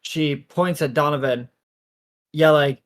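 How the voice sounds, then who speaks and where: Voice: medium pitch, measured pace. A player in a tabletop game narrating their character's actions casually, joking and swearing freely. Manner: profane, joking, animated.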